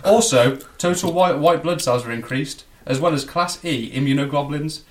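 A young man reading an article aloud haltingly in a casual podcast chat, breaking into laughter. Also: a little high, slight background noise.

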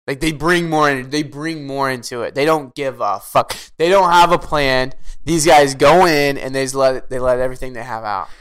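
A man's voice: mid-range voice, normal speed, few pauses, fairly bright tone, clean tone. A man co-hosting a casual podcast, talking eagerly in a fan's rambling way. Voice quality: enthusiastic, fan-style rambling with restarts. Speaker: podcast co-host. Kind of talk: casual chat.

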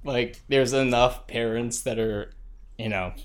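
A man's voice: medium pitch, steady tone, unhurried, clear, resonant tone. Laid-back man hosting a casual podcast. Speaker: podcast host. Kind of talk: casual chat.

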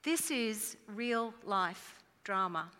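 A woman preaching a sermon in an earnest, measured way, dropping her voice at solemn lines. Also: mid-range voice, expressive, bright, forceful tone, big-room sound.

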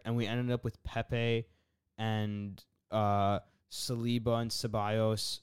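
A man chats at length about football opinions in a relaxed, rambling way, full of fillers and restarts. His voice is smooth and clear. It is recorded close with a dry, dead sound. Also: medium pitch, a little slow, no echo. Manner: chatty, rambling, lots of fillers and laughs. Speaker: podcast co-host. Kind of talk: casual football chat.

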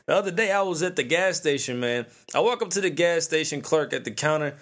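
A man's voice: a little high, lively intonation, a little fast, fairly bright tone. A man in his thirties hosting a podcast, ranting casually in a profane, slangy storytelling way. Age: 30s. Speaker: podcast host.

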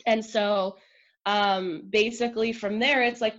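A woman guest on a podcast, telling a personal story in an emotional, chatty way full of "like" and quick asides. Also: on the high side, steady tone, muffled recording.

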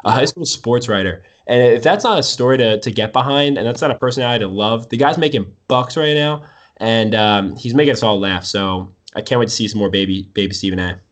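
A young man talks sports in a casual, excitable way, building the story up as he goes. He keeps calling people dude. His pitch sits in the middle range for a man. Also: fairly quick. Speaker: sports podcast host.

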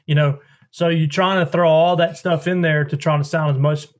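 A man's voice: fairly high pitch, fairly even intonation, normal speed. A man, a duck call maker explaining calling technique in a rambling, folksy way during a podcast interview.

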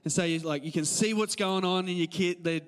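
A male pastor in his thirties with an Australian accent, giving a casual, animated sermon full of stories and laughs. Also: sits high, brisk, long reverb tail. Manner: conversational, animated storytelling with laughs. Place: church hall.

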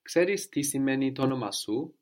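A man teaching a language lesson, patiently prompting and repeating answers slowly. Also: mid-range voice, animated, darkish tone.

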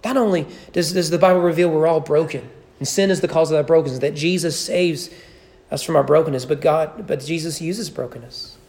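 A man's voice: fairly high pitch, brisk, a little mellow. Man, pastor, church sermon, earnest, emphatic, repeated phrases, wry asides. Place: church sanctuary.

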